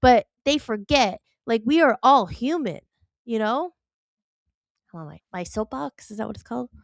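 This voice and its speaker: A woman's voice: on the high side, expressive, normal speed, vocal fry, dry recording. A woman on a talk stream, ranting heatedly and firing off rhetorical questions. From United States.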